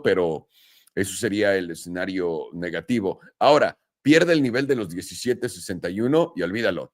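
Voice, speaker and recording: A man, hosting casual market commentary in a relaxed, chatty way. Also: fairly low pitch. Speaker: trading channel host.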